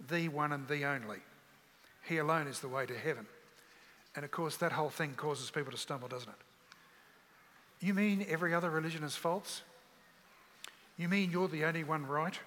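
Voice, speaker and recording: A man's voice: a little high, bright, forceful tone. A man preaching a sermon, earnest and full of rhetorical questions. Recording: long hall reverb.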